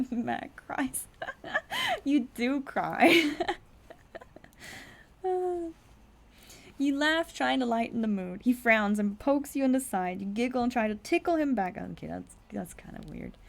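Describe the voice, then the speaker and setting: A young woman streams a text adventure in a casual commentary style, reading the story lines aloud at speed. She keeps cutting in with blunt, incredulous remarks and the occasional swear. Her voice sits slightly high for a woman, with a noticeable gravelly fry. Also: expressive, measured pace.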